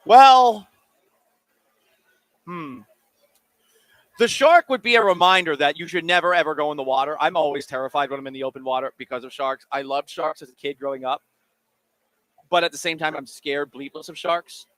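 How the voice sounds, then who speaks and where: A man's slightly high voice moves at normal speed with long pauses and no echo. He hosts a casual sports radio call-in show in a studio, animated and jokey as he answers listeners' questions between bites, speaking into a studio mic.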